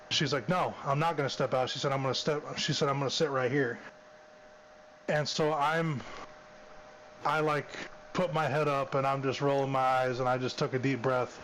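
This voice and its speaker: A man's voice: medium pitch, fairly bright tone, a little hiss or hum, low-quality recording. A man, a former police officer, casually telling a story, drawling and repeating "I said" and "she's like".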